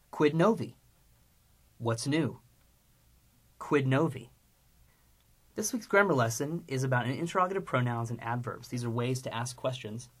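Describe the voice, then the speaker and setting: A Latin teacher giving a recorded lesson, drilling words with slow, patient repetition. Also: medium pitch, husky.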